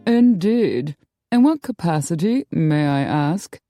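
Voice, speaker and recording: A woman's voice: fairly low pitch, lively intonation, slow pace, music in the background. A woman voicing a snooty, aristocratic female vampire in an audiobook, with a prim, affected, haughty way of talking. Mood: coy, affected. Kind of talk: audiobook character voice.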